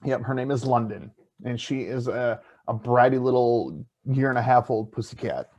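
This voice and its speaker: A man's voice: medium pitch, normal speed, darkish tone. A man from South Dakota co-hosting a podcast, talking casually with many "uh"s and restarts and some easy swearing. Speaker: podcast co-host. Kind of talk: casual live-stream chat.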